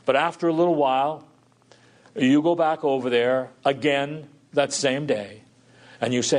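A male pastor delivers a sermon at an ordinary, mid-range pitch for a man. He reads a scripture passage aloud and then expounds on it. His manner is earnest and reflective. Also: fairly even intonation, unhurried.

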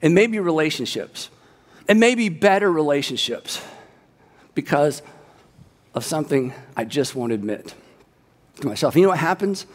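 Middle-aged man, pastor, high voice, conversational sermon, long hall reverb. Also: lively intonation, moderate pace, long pauses. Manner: conversational storytelling with jokey asides.

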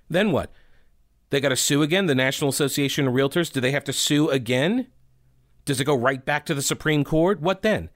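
A man's voice: medium pitch, animated, normal speed, no room sound, clean studio sound. A man hosting a talk show, giving opinionated commentary with many rhetorical questions and fillers. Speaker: talk radio host.

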